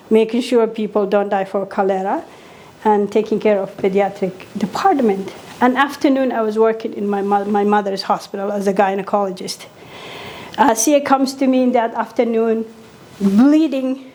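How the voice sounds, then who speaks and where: A woman's voice: mid-range voice, dark tone. A middle-aged woman physician from Somalia, giving an impassioned conference talk and repeating key points for weight.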